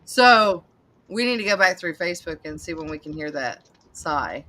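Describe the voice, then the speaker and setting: A woman's voice: fairly low pitch, animated, moderate pace, pushed and bright, a little hiss or hum. A woman in her forties with a Southern US accent, hosting a live online chat from home, talking chattily and laughing often. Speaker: live show host. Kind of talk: casual chat.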